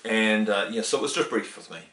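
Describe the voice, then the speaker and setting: A man's voice: on the low side, a little fast. Distant-sounding man telling a story. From New Zealand. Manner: animated, acts out quoted dialogue, many restarts. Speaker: interviewee. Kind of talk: casual storytelling interview. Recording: roomy, distant from the mic.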